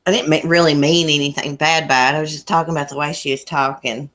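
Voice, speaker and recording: Speaking quickly in a deep, slightly bright voice with fairly even intonation, a Southwest Virginia woman with a strong Appalachian country accent hosts a casual YouTube livestream from her home in a small mountain town. She reads comments, chats in a folksy way, and laughs often.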